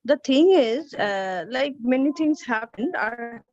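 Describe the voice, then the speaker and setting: A woman, sharing earnestly as a session participant, pausing often with fillers. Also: a little high, lively intonation, no room sound. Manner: earnest, hesitant with many fillers. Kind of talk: sharing testimony. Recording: dry, dull lo-fi audio.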